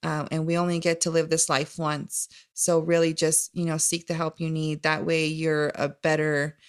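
Woman, podcast host, nasal voice, slightly low pitch, earnest encouraging chat, frequent ums. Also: level tone, moderate pace, smooth. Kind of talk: casual chat.

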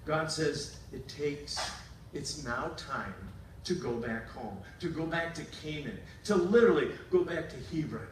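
A man preaching in a relaxed, storytelling manner, with a slightly high voice for a man. He sounds roomy and set back from the mic, with faint room ambience behind him. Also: distant mic, a little hiss or hum. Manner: casual storytelling that paraphrases scripture. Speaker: pastor. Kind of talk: sermon.

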